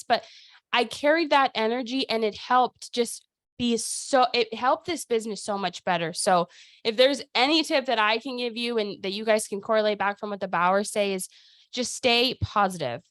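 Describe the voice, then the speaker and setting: A woman leads a weekly team call with energetic, casual motivational talk, her speech full of "like" and "dude." Her voice sits a bit high and sounds dry and close, with no room around it. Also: normal speed, no room sound. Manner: energetic and chatty, heavy use of "like" and "dude".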